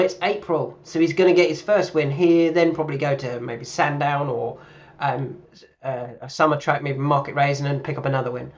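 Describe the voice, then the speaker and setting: A man talking through horse racing tips in a relaxed, chatty way, thinking aloud with plenty of ums and uhs. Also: a little high, lo-fi sound. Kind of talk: casual racing analysis.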